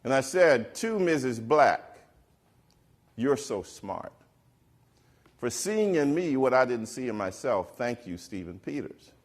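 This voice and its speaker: A middle-aged man on stage telling a personal story to an audience, animated and acting out the voices of the people he quotes. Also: medium pitch, slow, long pauses. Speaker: keynote speaker. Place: stage before a live audience.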